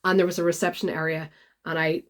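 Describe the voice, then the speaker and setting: A woman, chatting casually in a vlog and retelling a story with lively quoted voices. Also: fairly low pitch, fast talker. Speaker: vlogger.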